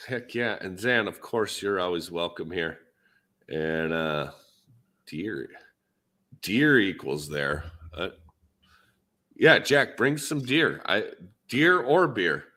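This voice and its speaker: A man's voice: low-pitched, animated, slow pace, pauses often, pushed and bright. A man with a Minnesotan accent in a laid-back, rambling, jokey podcast chat, talking shop as a dent repair technician. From Minnesota, USA.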